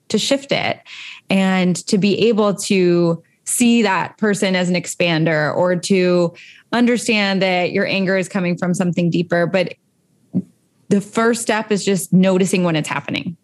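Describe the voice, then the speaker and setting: A woman in her thirties co-hosts a casual chat, speaking earnestly and reflectively about emotions and parenting with many fillers. Her voice is lowish, at normal speed.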